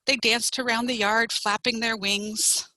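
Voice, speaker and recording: A woman, a children's librarian, reading a picture book aloud in an animated, expressive way. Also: on the high side, measured pace, no echo, poor audio.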